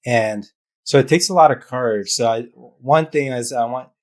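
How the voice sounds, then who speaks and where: A man's voice: mid-range voice, moderate pace. A man as an interview guest, telling an emotional personal story in an open, heartfelt way with many fillers. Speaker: guest, business founder.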